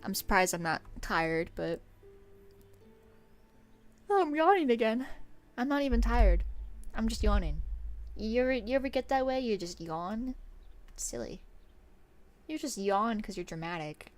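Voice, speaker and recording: A woman streamer chatting casually to her viewers on a work-along stream, bubbly and quick to giggle. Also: mid-range voice, animated, soft background music.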